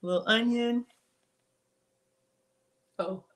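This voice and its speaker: A woman's voice: a little high, steady tone, slow pace, a bit bright. A woman chatting through a live cooking stream from her home kitchen, reading viewers' comments aloud and talking to them by name. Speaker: cooking channel host.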